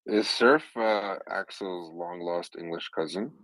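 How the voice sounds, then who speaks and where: Male host, very low voice, dry close mic, jokey panel-chat manner. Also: fairly bright tone, no room sound, poor audio. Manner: joking, teasing, quick asides. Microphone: online audio room, own mic.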